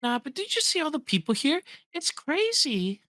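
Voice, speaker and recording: Sidekick perempuan muda yang bersemangat diperankan seorang wanita, suara agak tinggi dan cerah. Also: female voice, high-pitched, moderate pace, slight background noise, voice pushed up. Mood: excited. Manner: chatty, excitable. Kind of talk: reading game dialogue aloud.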